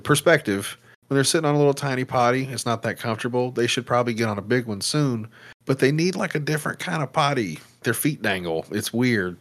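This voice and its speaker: Man, low voice, blunt, casual chat, curses freely. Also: fairly bright tone. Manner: blunt, swears freely, retells dialogue. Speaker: parent giving potty-training advice.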